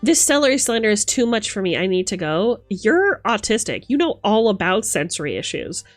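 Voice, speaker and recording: A young woman streamer chatting casually with her viewers, animated, laughing and swearing freely. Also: medium pitch, normal speed, faint music behind. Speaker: livestreamer.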